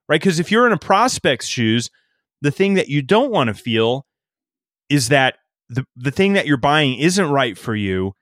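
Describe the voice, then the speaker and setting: Speaking a little slowly in a higher voice, a middle-aged podcast guest recounts a casual sales story. He's an animated storyteller who laughs often and quotes himself, heard in studio quality with no room sound.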